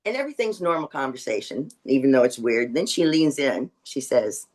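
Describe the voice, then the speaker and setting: A woman in her sixties telling stand-up stories on a video call, wry and deadpan with indignant asides. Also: very deep voice, a little fast. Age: 60s. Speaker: stand-up comedian. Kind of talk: stand-up storytelling.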